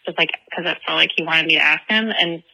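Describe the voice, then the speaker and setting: Bright-voiced young woman leaving a rambling voicemail. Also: deep voice, fast talker, vocal fry, rough recording. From Chicago area. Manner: rambling, giggly storyteller. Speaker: voicemail caller. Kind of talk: voicemail anecdote.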